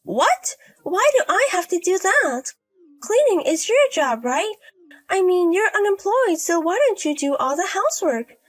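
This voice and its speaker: A woman voicing a bossy, spiteful pregnant young sister-in-law who yells insults in a storybook. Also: extremely high pitch, big pitch swings, unhurried, heavily acted. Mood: scornful. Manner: scornful, yelling insults.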